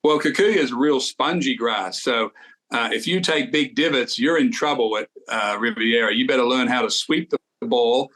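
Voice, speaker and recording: An older man with an Australian accent, co-hosting a golf podcast and telling stories from his playing days in a relaxed way. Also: mid-range voice, moderate pace, rough recording. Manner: relaxed storytelling with golf detail. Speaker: golf podcast co-host, former tour winner. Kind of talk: casual golf chat.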